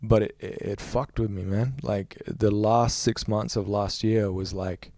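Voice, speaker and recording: A young adult Australian musician, a guest in a casual interview, recounts a story in a rambling, filler-heavy way. His mellow voice is on the low side, with fairly even intonation and a measured pace, recorded cleanly in a studio with no echo.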